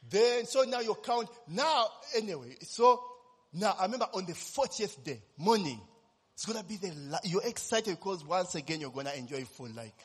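A man's voice: high voice, expressive, normal speed, breathy edge, long reverb tail. A man, preaching a sermon as personal testimony, telling his story animatedly and constantly tossing in tag questions.

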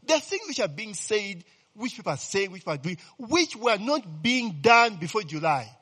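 A man preaching with a lively, swinging delivery, his voice sitting a bit higher than most and carrying a husky edge. He keeps asking his listeners whether they follow. The sound rings out with a long hall reverb. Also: normal speed. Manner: animated, repeatedly asks "you understand, eh?". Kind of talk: sermon.

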